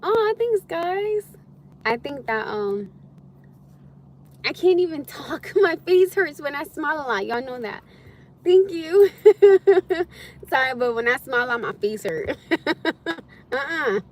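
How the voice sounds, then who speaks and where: A woman's voice: high voice, lively intonation, measured pace, long pauses, a bit bright, slight background noise. A woman hosting a casual livestream from her phone, reading scripture and thanking viewers, exclaiming and laughing often. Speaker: livestream host.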